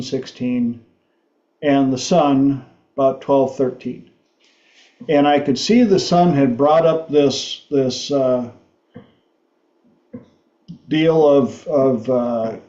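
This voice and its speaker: A man hosting a talk show, telling a story slowly and haltingly, laughing often. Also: mid-range voice, mellow, echoey room, highs cut off. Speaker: host.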